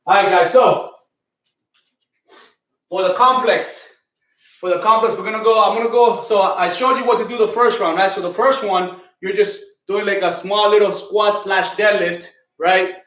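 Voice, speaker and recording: A man's voice: high-pitched, fairly even intonation, moderate pace, fairly bright tone, roomy sound. A man leading a live online kettlebell class, counting reps and giving coaching cues while out of breath. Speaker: fitness coach.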